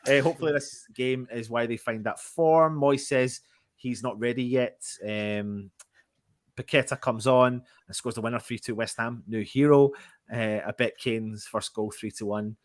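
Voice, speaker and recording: A man's voice: medium pitch, fairly even intonation, moderate pace, no echo, studio quality. A man hosting a casual live fan stream, reading out chat messages and laughing often. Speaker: fan channel host.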